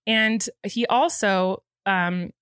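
A woman co-hosting a podcast in casual chat, tearful and emotional, talking quickly and animatedly with laughter breaking in. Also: medium pitch, clean tone, no echo, clean studio sound. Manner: rapid, animated talk broken by laughs. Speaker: podcast co-host.

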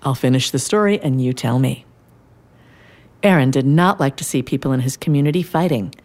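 A woman playing a gentle grandmother who tells a bedtime-style story to a child in an audio drama. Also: a bass voice, a little fast. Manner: gentle, warm-toned storytelling.

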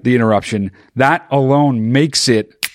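A man's voice: medium pitch, unhurried, dry recording, studio quality. A man co-hosting a podcast, talking bluntly and emphatically in casual chat, swearing freely. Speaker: podcast co-host.

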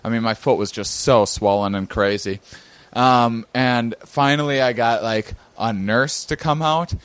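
A man tells a story in a loose, rambling way, slipping into the voices of the people in it and laughing as he goes. He is a comedian chatting casually, and his voice sits at an ordinary pitch. The sound is dry and close, with no room around it. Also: unhurried, smooth, no room sound. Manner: rambling animated storytelling, acting out other people, laughing often. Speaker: comedian guest.

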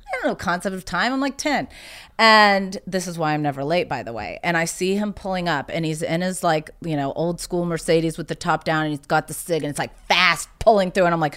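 Woman guest from South Carolina, talkative storyteller, slightly low voice, casual interview. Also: fast talker, a bit bright, clear, resonant tone. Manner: chatty storyteller, fillers of "like". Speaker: podcast guest.

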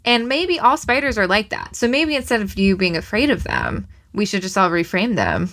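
A woman's voice: medium pitch, big pitch swings, moderate pace, a bit bright. A woman hosting a casual podcast chat, chatty and rambling with plenty of fillers.

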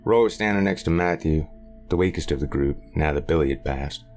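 A man narrating a horror story in a measured, grave manner. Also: very deep voice, a little mellow, faint music behind.

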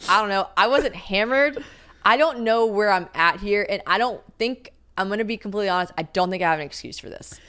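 A woman's voice: medium pitch, moderate pace, fairly bright tone, clear, resonant tone. A young woman hosting a podcast, chatting casually and telling a candid story, acting out the quotes of the people in it. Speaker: podcast host. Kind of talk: casual chat.

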